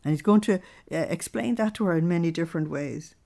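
A woman's voice: lowish voice, creaky, mellow. A woman leading a Bible study, reading a devotional text aloud and stopping to explain it earnestly. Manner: earnest, explanatory, pauses to comment between readings.

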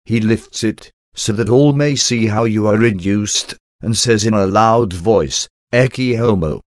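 A man's voice: lowish voice, unhurried, no echo, studio quality. A man reading a devotional meditation in a solemn, prayerful way. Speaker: devotional reader.

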